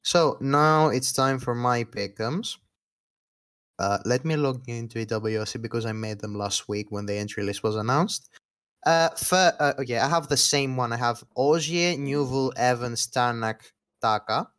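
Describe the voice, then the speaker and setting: A man's voice: mid-range voice, normal speed, fairly bright tone, smooth. A man hosting a casual podcast, joking and teasing his co-hosts, with a voice that keeps cracking. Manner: joking, teasing banter with swearing. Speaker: podcast host.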